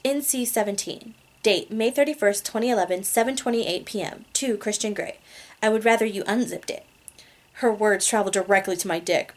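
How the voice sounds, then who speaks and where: Woman reading a book out loud, easygoing, giggles at her own slips, medium pitch. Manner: reads emails aloud, laughs at her own slips. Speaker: reader. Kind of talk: casual amateur audiobook reading.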